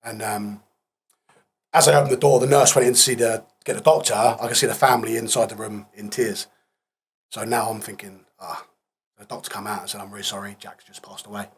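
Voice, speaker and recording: Guest: man, 30s, husky, subdued and plain-spoken, recounting events in a casual interview. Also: fairly low pitch, steady tone, a little fast. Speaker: podcast guest.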